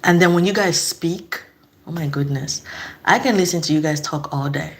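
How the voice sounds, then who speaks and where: A woman's voice: sits low, moderate pace. A young woman from Nigeria chatting casually with her live-stream audience, laughing often and repeating herself.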